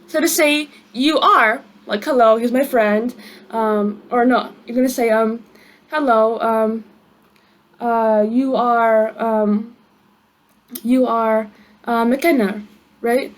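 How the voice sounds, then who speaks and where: A woman's voice: on the high side, fairly even intonation, takes it slowly. A woman giving a casual online language lesson, chatty, with many fillers and friendly asides. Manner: chatty, many fillers and "you know what I mean". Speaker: language teacher.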